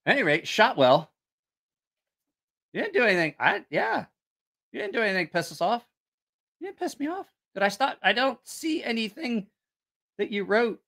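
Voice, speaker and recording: A man rambles through a casual stream and swears freely as he answers viewers. His bright, lively voice rises and falls a lot. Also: high voice, normal speed, creaky, long pauses. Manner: rambling and profane, reacting to comments. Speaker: channel host. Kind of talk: casual livestream chat with viewers.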